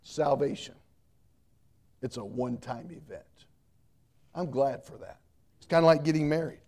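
A man's voice: medium pitch, moderate pace, darkish tone. A middle-aged man preaching a sermon as pastor, emphatic, repeating key points and mixing in humor.

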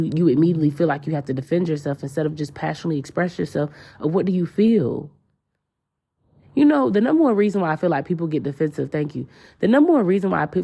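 Low, gravelly-voiced woman podcaster. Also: dark tone. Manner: casual, emotional, slangy and repetitive. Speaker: podcast host. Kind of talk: spiritual podcast monologue.

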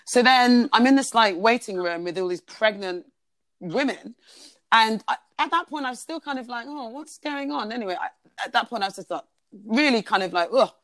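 A woman's voice: a little high, animated, fairly quick, fairly bright tone, no room sound. A woman, a podcast guest telling a personal story in a chatty way, full of "like" and "basically".

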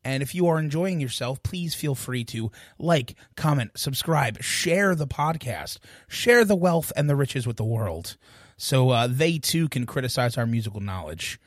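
A man's voice: mid-range voice, lively intonation, unhurried, dry recording. A man co-hosts a music podcast, chatting loosely and cracking jokes at his own expense. His voice sits in an ordinary middle range. The sound is dry and close, with no room behind it. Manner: joking, rambling, self-deprecating. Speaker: podcast co-host. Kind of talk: casual podcast chat.

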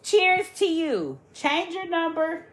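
A woman's voice: very high-pitched, takes it slowly, crowd noise. A woman podcast co-host chatting casually, wisecracking and swearing freely as she gives blunt advice. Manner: animated, profane, wisecracking. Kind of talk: casual chat. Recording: echoey room.

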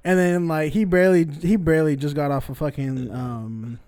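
A man's voice: on the high side, steady tone, normal speed, a little mellow, smooth, dry recording, studio quality. A man, telling stories in a laid-back, slangy way and laughing often. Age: 20s. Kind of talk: casual chat.

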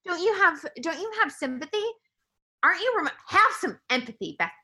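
A woman co-hosting a podcast in casual chat, teasing and firing off quick questions. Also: extremely high pitch, very animated, pushed and bright. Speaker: podcast co-host.

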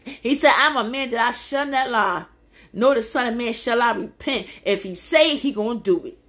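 A woman preaching on a livestream in a fervent, repetitive cadence that climbs into shouts. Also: fairly high pitch, moderate pace. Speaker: podcast host. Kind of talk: preaching on a social media livestream. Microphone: phone or webcam on a livestream.

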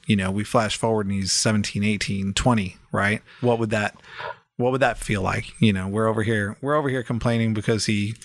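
A man's voice: lowish voice, dry recording. Reflective male host on a dry mic. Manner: reflective, thinking aloud with restarts. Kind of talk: casual chat.

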